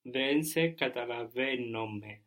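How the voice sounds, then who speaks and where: Bright-voiced man answering a tutor. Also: mid-range voice, a little slow. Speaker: language student. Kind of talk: answering in a language lesson.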